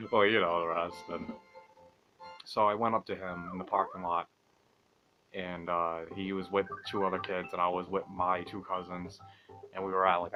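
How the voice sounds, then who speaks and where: A young man telling a long story as he plays a video game, rambling, swearing and mocking himself, speaking softly because it is late at night. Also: low voice. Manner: rambling, profane, self-mocking, laughs often. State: talking quietly at night. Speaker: gaming channel host. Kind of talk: casual storytelling over gameplay.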